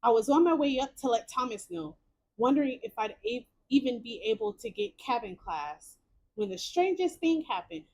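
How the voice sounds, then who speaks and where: Woman voicing a gruff Brooklyn working man. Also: a little high, very animated, moderate pace, a little mellow, slight background noise. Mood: worried. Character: gruff middle-aged Brooklyn dockhand type, worried husband.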